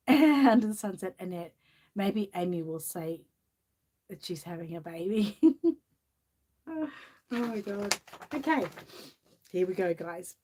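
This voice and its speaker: A woman's voice: medium pitch, animated, slow pace, pauses often, mellow. A woman with an Australian accent, chatting casually with lots of laughter and reading a children's picture book aloud. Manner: giggly, chatty, often laughing. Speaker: channel host. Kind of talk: casual chat and storybook reading.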